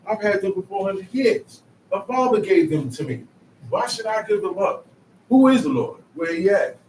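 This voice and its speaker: A man's voice: high-pitched, sing-song, moderate pace, darkish tone, a little hiss or hum. A man playing an arrogant, dismissive Egyptian king who talks down in modern street slang. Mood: scoffing. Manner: slangy, scoffing, bossy. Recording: echoey room, mic far off.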